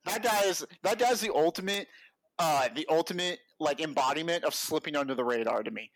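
Young man, casual podcast chat, swears and laughs a lot, slightly high voice, dry close sound. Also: a little fast, no room sound. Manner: profane, laughing, slangy storyteller. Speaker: podcast guest.

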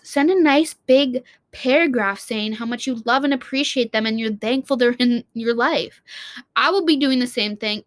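A woman's voice: on the high side, a bit bright, no echo. A young woman vlogging in a casual, heartfelt monologue, rambling and restarting her sentences and swearing casually.

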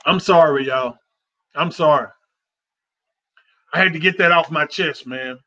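A man with a high, bright voice hosts a casual talk show. He talks in a heartfelt, repetitive, conversational way, and the recording sounds dull and lo-fi. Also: a little slow. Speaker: host.

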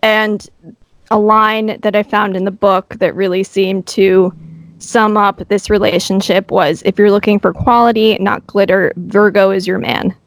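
A woman co-hosts a chatty podcast, explaining her points in an easy, even way. Her voice sits in a middle register. It sounds dry and close, with no room around it. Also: mid-range voice, measured pace, no echo. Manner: explanatory, reads from an astrology book. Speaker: podcast co-host. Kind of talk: casual chat, recapping a dating show.

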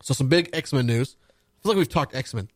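A man's voice: mid-range voice, moderate pace, dry recording, clean studio sound. A man co-hosting a casual community radio talk show, upbeat and playful. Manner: upbeat, lively, playful announcer bits. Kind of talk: casual comic book chat.

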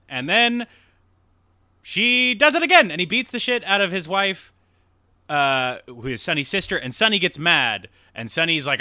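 A young man co-hosts a casual podcast, retelling a film in a loose, rambling way and slipping into the characters' lines. His voice is bright and swings widely in pitch. The sound is dry and close. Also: normal speed, no echo. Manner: rambling, animated retelling with acted-out quotes and swearing. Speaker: podcast co-host. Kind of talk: casual film recap chat.

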